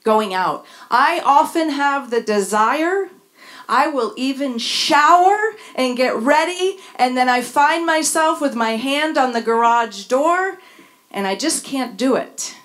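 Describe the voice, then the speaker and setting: A woman's voice: a little high, fairly bright tone. A middle-aged woman reading a candid personal essay on stage, wry and dryly humorous. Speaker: speaker sharing a personal story. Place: stage before a live audience.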